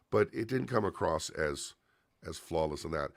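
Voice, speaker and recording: A man's voice: extremely low pitch, expressive, normal speed, gravelly, no echo, clean studio sound. A man hosting a livestream, casually reviewing a wrestling show in a chatty, opinionated way with frequent fillers and restarts.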